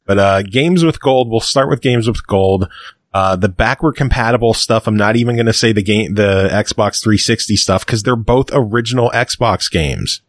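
A man with a fairly low voice keeps the chat loose and easygoing. He walks through the week's gaming news like a regular podcast co-host. The recording is dry and close. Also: moderate pace, dry recording. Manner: relaxed, reads out gaming news. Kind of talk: casual chat.

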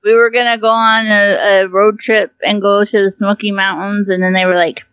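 A woman co-hosting a casual podcast, chatty and quick to laugh, acting out what other people said. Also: mid-range voice, flat delivery, a bit bright, clear, resonant tone, no echo, lo-fi sound. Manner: chatty, laughs often, acts out quoted people. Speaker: podcast co-host. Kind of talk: casual chat.

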